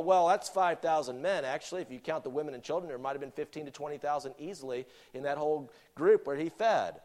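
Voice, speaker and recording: Middle-aged male preacher with a high voice, animated and questioning from the pulpit. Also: fast talker. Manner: animated, rhetorical questions, laughs often. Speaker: pastor. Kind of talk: sermon.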